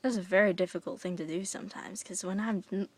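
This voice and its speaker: A young woman telling a casual, rambling vlog story, full of fillers and with soft whispery asides. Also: mid-range voice, steady tone, quick pace, dry recording. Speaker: vlogger.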